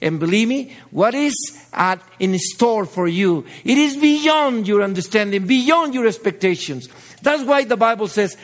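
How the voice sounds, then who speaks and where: Impassioned high-voiced pastor, native Spanish speaker. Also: male voice, expressive, a little slow. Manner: impassioned, repeats phrases, builds to exhortation. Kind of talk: sermon.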